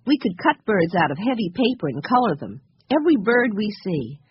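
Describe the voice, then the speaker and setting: A woman's voice: mid-range voice, big pitch swings, fairly quick, husky. A woman voicing an enthusiastic older brother who leads the others with an encouraging manner, in a storybook reading. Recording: slightly muffled recording.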